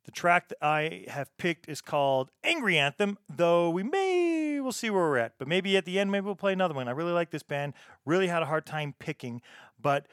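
A man's voice: fairly high pitch, animated, moderate pace, a bit bright, clean tone, no echo, clean studio sound. A man hosting a punk music podcast, introducing songs in an easygoing, chatty way with frequent "uh" fillers. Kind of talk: casual radio-show DJ talk.

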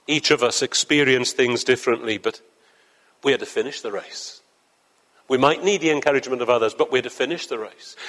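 Male preacher, slightly high voice, earnest sermon delivery, long church reverb. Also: fairly bright tone. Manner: earnest, building to fervent emphasis. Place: church before a congregation.

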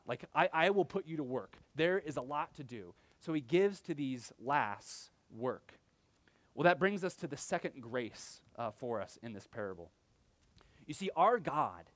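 A man's voice: on the high side, no echo. A young adult man preaching a sermon in a conversational style, often acting out quotes with sudden animation. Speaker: pastor.

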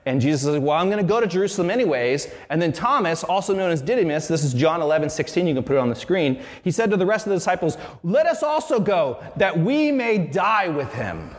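Earnest preacher man in a reverberant hall. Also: mid-range voice. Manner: earnest, conversational with frequent restarts. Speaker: pastor. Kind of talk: sermon.

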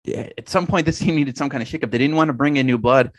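Talking fast at a medium pitch, this man co-hosts a casual football podcast, rambling, restarting sentences and swearing now and then. The recording is dry.

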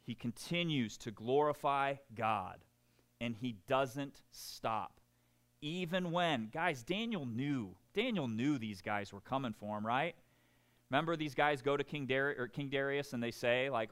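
A man preaching a sermon, animated and joking, often checking in with the congregation. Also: mid-range voice, unhurried, clean tone. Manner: animated and joking, keeps asking the room "right?".

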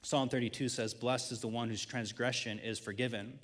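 A man's voice: medium pitch, normal speed, big-room sound. A man in his thirties, a pastor preaching a sermon and working through scripture points with a personal story. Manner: storytelling, rising to excited peaks.

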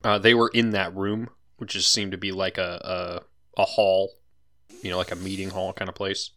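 A man's voice: sits low, little pitch movement, moderate pace, a bit bright. A man runs a tabletop game as its dungeon master. He talks casually, throwing in chatty asides and laughing often as he explains the scene. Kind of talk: running a tabletop game over voice chat.

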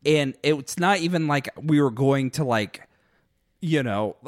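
A man with a mid-range voice, telling stories in a relaxed way and swearing offhandedly. He sounds close to the mic in a dry, dead room. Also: medium pitch, measured pace, no room sound. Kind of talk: casual conversation.

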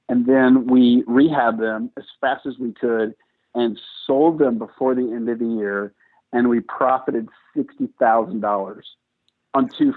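A man's voice: mid-range voice, slightly rough. Man telling stories over a tinny line. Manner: lively, self-mocking, chatty with many restarts. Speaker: guest entrepreneur. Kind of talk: casual storytelling interview. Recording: tinny phone-like line, dry.

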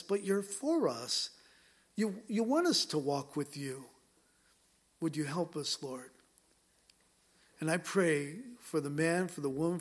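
Earnest male pastor preaching. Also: fairly high pitch. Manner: earnest, pleading, repeated direct appeals. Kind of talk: sermon and closing prayer. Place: church sanctuary.

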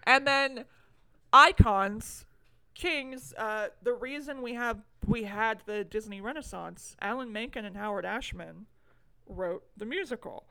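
A woman's voice: fairly high pitch, a little slow, creaky, sharp tone, dry recording, low-quality recording. A woman co-hosting a casual movie podcast, chatting with enthusiasm and lots of fillers and asides. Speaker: podcast co-host.

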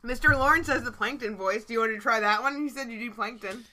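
A woman co-hosting a relaxed chat show, talking loosely and swearing without a second thought. Her voice sits a little high and sounds bright and clear. She laughs easily between points. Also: fast. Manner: chatty, swears freely, laughs often. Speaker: podcast co-host. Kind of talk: casual chat.

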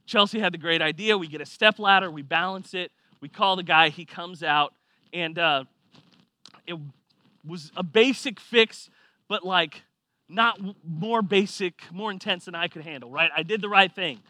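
Man, pastor, sermon, high voice, animated storytelling, dry close sound. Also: moderate pace, no room sound. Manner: animated storytelling, swings from quiet to loud.

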